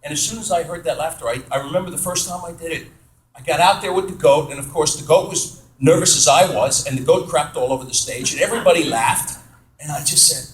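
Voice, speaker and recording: A man from New York State, an actor, telling stories casually to fans at a Q&A. He is chatty and animated, pokes fun at himself, and acts out the voices of people he quotes. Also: fairly high pitch, brisk, a little hiss or hum. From New York State, USA. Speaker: actor answering fan questions. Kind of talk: casual storytelling at a Q&A panel. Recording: roomy echo of a hall.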